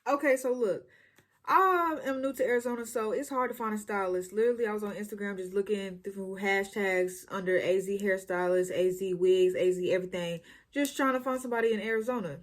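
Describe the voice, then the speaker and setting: A woman's voice: mid-range voice, a little fast. A young woman, chatting casually and animatedly as she tells a story-time vlog. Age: young adult. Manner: chatty, slangy, animated retelling. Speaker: YouTuber.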